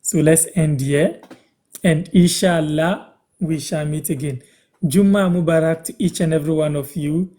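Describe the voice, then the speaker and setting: A man from Ghana with a Ghanaian accent, hosting a live-stream language lesson and repeating phrases slowly so viewers can follow. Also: a little high, dark tone.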